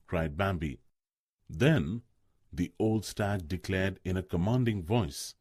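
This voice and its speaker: A man reading a story aloud for listening practice, expressive and measured. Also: low-pitched, husky, dry recording, clean studio sound. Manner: expressive, slow. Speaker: narrator. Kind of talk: storybook narration.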